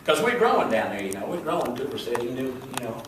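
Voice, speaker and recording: A man's voice: mid-range voice, very animated, fast, a little hiss or hum, close to an everyday voice. A man doing a rambling Southern small-town deputy. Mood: folksy. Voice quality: rambling, fumbling for words. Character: folksy small-town Southern deputy, male, excitable and boastful. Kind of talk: live stage comedy monologue. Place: stage before an audience. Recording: echoey hall, from far off.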